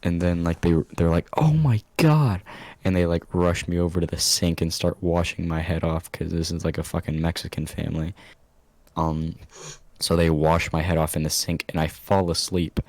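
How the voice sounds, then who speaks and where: A man's voice: completely flat delivery, moderate pace, darkish tone, no room sound. A young man telling a story on a casual podcast, laughing often and swearing a lot. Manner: laughs often, swears a lot, jumps into high squeaky voices when quoting himself. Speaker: podcast co-host.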